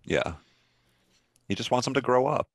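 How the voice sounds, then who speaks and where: A man's voice: medium pitch, sing-song, moderate pace, creaky, no echo. A man co-hosting a podcast, laid-back and agreeable, adding chuckling asides to the chat. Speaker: podcast co-host. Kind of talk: casual movie chat.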